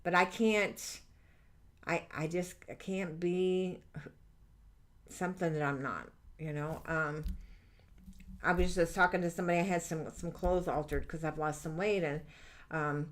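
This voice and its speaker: A woman's voice: on the low side, steady tone, measured pace, pauses often. A middle-aged woman hosting a live angel-reading stream, chatting candidly and rambling with lots of fillers. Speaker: livestream angel reader. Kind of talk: chatty livestream talk reading out viewer comments.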